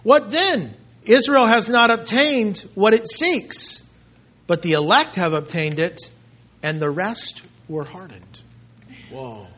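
Male preacher, high voice, emphatic then hushed, on a dull lo-fi recording. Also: lively intonation, slow pace. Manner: emphatic, swings between loud and hushed. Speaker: pastor. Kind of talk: expository sermon reading scripture. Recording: muffled, dull lo-fi sound.

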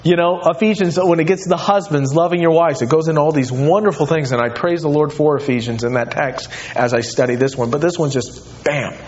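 A male pastor preaching a sermon, emphatic and animated, his voice swinging widely in pitch. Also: a little fast, hardly any pauses, dull audio.

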